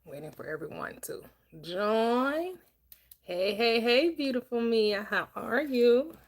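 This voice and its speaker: A woman hosting a live-streamed book club, upbeat and chatty, greeting viewers with quick repeated words. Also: on the high side, expressive. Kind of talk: live-stream chat and discussion.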